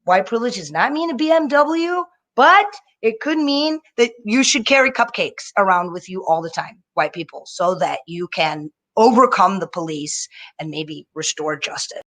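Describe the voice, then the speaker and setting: Animated young woman doing stand-up. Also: medium pitch, moderate pace, hardly any pauses. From Indian family. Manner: animated storytelling with mocking character voices. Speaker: stand-up comedian. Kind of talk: live-streamed stand-up set. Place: home, performing on a video stream.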